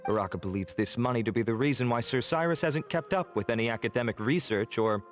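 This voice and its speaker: An actor playing a polite, earnest investigator in a game, reporting in a formal tone. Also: male voice, mid-range voice, fast, soft background music, close to an everyday voice. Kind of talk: game voice acting.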